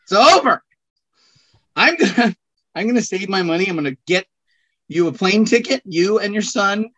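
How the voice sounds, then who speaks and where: A man's voice: sits high, moderate pace, a bit bright. A man chatting as a podcast guest, rambling and joking, laughing at himself. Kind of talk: casual chat.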